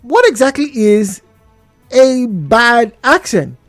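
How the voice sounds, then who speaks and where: A Nigerian man hosts a call-in radio talk show, his voice rising and falling in a lively, expressive way. He chats with the audience and keeps asking rhetorical questions. The studio microphone gives a dry, close sound. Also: extremely high pitch, takes it slowly, no room sound, soft background music. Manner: chatty, rhetorical questions, laughs between points. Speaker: radio host.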